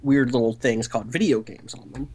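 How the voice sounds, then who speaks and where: A man's voice: mid-range voice, fairly quick, a little mellow, husky. A man chatting casually on a game stream, joking and rambling with sarcastic asides over a call headset. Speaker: stream co-host.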